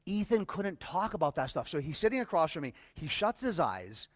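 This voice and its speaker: Speaking to a live audience at a workshop, a man relates a personal story in a halting, emotional way, repeating words often. His voice is a little high with big pitch swings, and there's no room sound.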